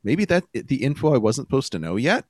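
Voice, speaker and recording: A man's voice: mid-range voice, big pitch swings, a little fast, darkish tone, no echo. A man co-hosts a casual podcast, reading posts aloud in a laid-back, chuckling way. His voice rises and falls with animation. The close mic sounds dry. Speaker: podcast co-host.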